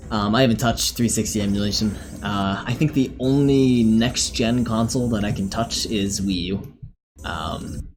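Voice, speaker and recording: A man's voice: lowish voice, background noise. A man chatting casually on a live stream, answering viewers in a rambling, easygoing way with plenty of fillers.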